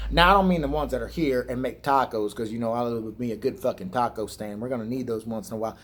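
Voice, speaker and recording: A man's voice: medium pitch, quick pace, hardly any pauses, fairly bright tone. Profane, sarcastic ranting man. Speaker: vlogger. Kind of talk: rambling satirical rant.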